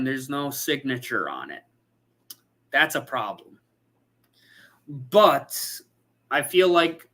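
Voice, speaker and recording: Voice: mid-range voice, sharp tone. A photographer hosting a casual livestream, chatting and reading out viewer comments.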